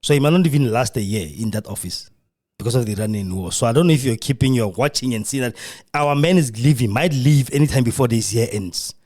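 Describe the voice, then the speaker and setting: A South African man hosting a live radio podcast from a studio. He comments in a mocking, animated way and acts out the voices he quotes. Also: mid-range voice, fast talker. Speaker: podcast host.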